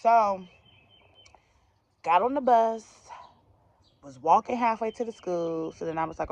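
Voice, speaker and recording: A woman's voice: mid-range voice, measured pace, pauses often, a little mellow, dry recording, highs cut off. Chatty young woman telling a storytime. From DMV area, US. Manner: chatty, slangy, laughing asides to viewers. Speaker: vlogger. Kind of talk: casual storytime.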